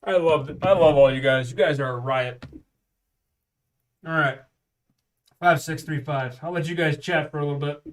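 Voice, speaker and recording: A man's voice: on the high side, normal speed, long pauses, distant mic. Man calling dice rolls on stream, off-mic. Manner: chatty, calls out dice rolls and bets. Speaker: streamer practicing craps. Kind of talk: casual live-stream chat. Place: home.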